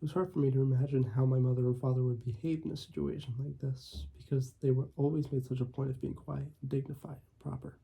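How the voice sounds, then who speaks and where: Husky, gravelly male storyteller. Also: mid-range voice, little pitch movement, muffled recording. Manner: measured, with small slips and coughs. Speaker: audiobook reader. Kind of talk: first-person story reading.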